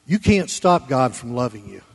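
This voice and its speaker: A man preaching a Sunday sermon in church, folksy and conversational, swinging between loud emphatic lines and quiet low asides. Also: very animated, moderate pace, creaky, husky, in a large hall. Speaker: pastor.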